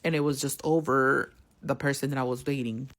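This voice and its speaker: A woman's voice: extremely low pitch, steady tone, brisk. A woman casually telling a personal story, swearing heavily in street slang and acting out each person she quotes.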